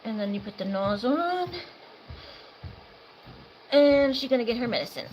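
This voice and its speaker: A woman with a high, bright-pitched voice talks her way through giving a bird its medicine, slipping into soft, sing-song baby talk to coax the animal. Steady noise hums behind her in the recording. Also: moderate pace, pauses often. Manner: cooing baby talk to a pet, soft and coaxing. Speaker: animal caretaker and channel host. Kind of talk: casual narration while caring for an animal. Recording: noisy background.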